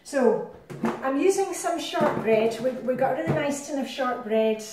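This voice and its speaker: This Scottish cooking vlogger, a middle-aged woman, chats unhurriedly through a demonstration in her home kitchen, full of rambling asides. She speaks expressively in a voice that sits high. Heavy background noise, a very echoey room and a distant mic mark the recording.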